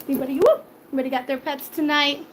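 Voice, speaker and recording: A middle-aged woman with a high, steady voice hosts a cooking live stream, talking fast over slight background noise. She chats casually, laughs often, and answers viewer comments.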